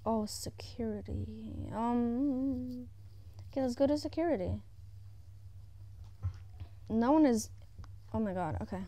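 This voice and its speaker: A woman at home giving casual, excitable commentary as she plays a video game. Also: on the high side. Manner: excitable, exclaiming often, chatting to herself. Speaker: gaming YouTuber. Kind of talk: casual let's-play commentary.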